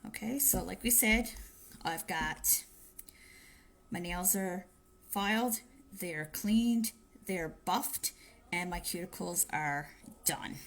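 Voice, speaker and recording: Low-voiced woman giving a live nail tutorial. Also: slow pace, long pauses, fairly bright tone. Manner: chatty and instructive, giving tips with frequent asides. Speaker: nail tech demonstrating polish application. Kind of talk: live-streamed tutorial chat. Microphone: phone.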